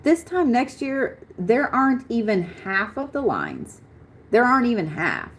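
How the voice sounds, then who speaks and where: Unhurried yet full of huge pitch swings, this young woman's high voice carries a live-stream astrology reading. She's blunt, swears freely, and laughs a lot.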